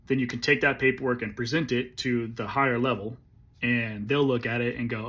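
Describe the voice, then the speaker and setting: Husky-voiced man telling a war story. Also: medium pitch, fairly even intonation, a little fast, a bit bright. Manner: profane, laid-back, clears throat often. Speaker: army veteran guest. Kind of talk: casual storytelling.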